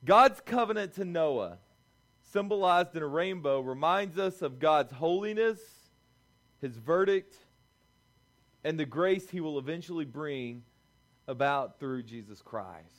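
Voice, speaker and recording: A young male youth pastor delivers a lively sermon in a casual, talky way. His voice sits high, and he keeps the energy up, breaking into quick acted-out lines for the people in his story. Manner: animated, conversational, acts out quoted voices.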